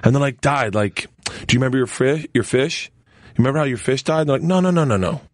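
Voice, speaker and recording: A man's voice: mid-range voice, fast talker, no echo, studio quality. A middle-aged man in casual chat, telling a story animatedly and laughing through his own punchlines.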